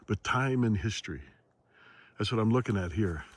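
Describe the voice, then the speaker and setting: A man vlogging outdoors in the woods, musing slowly and philosophically as he walks. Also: fairly low pitch, expressive, slightly rough. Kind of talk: reflective outdoor vlog narration.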